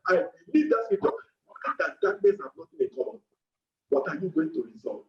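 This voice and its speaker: A man leads a fervent prayer sermon in a strikingly high voice, his words bursting out at times into shouting and speaking in tongues. The recording sounds dull and lo-fi, caught in an echoing room. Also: lively intonation, brisk. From Nigeria. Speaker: preacher leading prayer.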